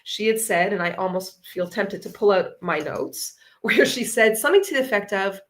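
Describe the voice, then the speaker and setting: A woman's voice: medium pitch, normal speed. An earnest woman speaks as a parenting coach over a video call. She builds her points through short, repeated affirmations. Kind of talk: conversational discussion.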